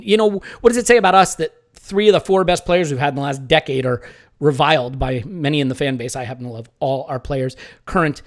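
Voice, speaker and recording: A man hosting a live sports podcast, jokey and rambling. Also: on the high side. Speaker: podcast host.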